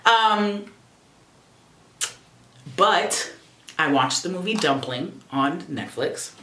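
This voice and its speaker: A young adult woman vlogging casually at home, expressive, profane and sassy. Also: on the low side, extremely slow, roomy sound, slight background noise. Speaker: YouTuber. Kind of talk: casual reflective vlog.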